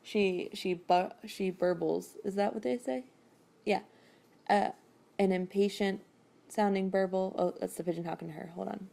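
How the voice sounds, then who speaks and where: A woman's voice: mid-range voice, fairly even intonation, moderate pace, creaky, warm tone. A woman hosting a podcast, casually recapping a book in a chatty, rambling way. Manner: chatty, rambling, with frequent fillers and laughs. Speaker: podcast host recapping a novel. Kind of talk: casual chat.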